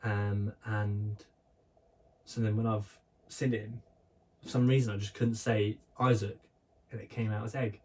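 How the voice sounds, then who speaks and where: On a casual podcast, a young male co-host spins rambling anecdotes with plenty of fillers and restarts. His fairly low, darkish voice barely varies in pitch, his pace is a little slow, and he's positioned far from the microphone.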